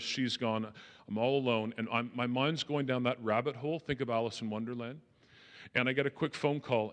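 A man giving a conversational talk on faith and mental health at a church, acting out quotes in a lively way. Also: mid-range voice. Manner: conversational, animated, acts out quotes. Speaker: speaker at a church. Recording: long reverb of a large hall.

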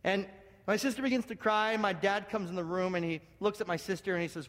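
A man from Canada preaching as senior pastor, telling stories in an animated way, repeating words and swinging between hushed and loud. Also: high-pitched, brisk, big-room sound. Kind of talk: sermon with storytelling. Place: church sanctuary.

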